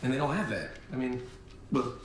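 An actor playing a shifty, boastful small-time crook who talks offhandedly. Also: male voice, medium pitch, lively intonation, fairly quick, a little hiss or hum, lightly acted. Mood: cocky. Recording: roomy TV clip with faint ambience.

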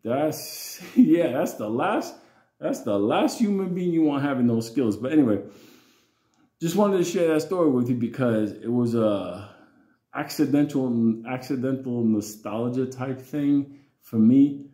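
Animated profane storytelling man. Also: mid-range voice, a little slow, reverberant. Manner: rambling, profane and animated, full of restarts. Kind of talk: casual storytelling vlog.

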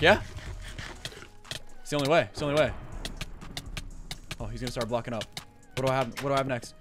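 A man giving frantic, excitable live commentary over his own gameplay, swearing often. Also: mid-range voice, fast talker, pauses often. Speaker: gaming video creator.

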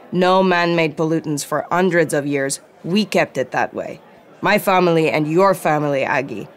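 A red-faced, drunken small-town mayor who bellows and sneers at everyone , as an audiobook narrator puts him on. His voice sits at a middle pitch and he rants without letting up. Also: close to an everyday voice.

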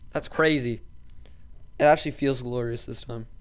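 A man hosting a game playthrough, trash-talking the fighters on screen and muttering to himself between loud outbursts. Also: mid-range voice, moderate pace. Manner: excitable, trash-talks the game's fighters. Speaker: let's play host. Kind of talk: gaming commentary.

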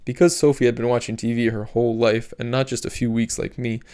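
A man narrating an audiobook chapter in a steady, measured reading. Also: mid-range voice, smooth. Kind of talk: scripted narration.

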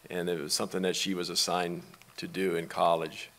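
A middle-aged man with a very low voice speaks at a memorial in a church. He talks softly and haltingly, stopping often to gather himself. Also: flat delivery, creaky. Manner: soft-spoken, halting, with pauses. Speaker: father speaking at a memorial service. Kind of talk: personal eulogy and reading aloud. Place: church sanctuary.

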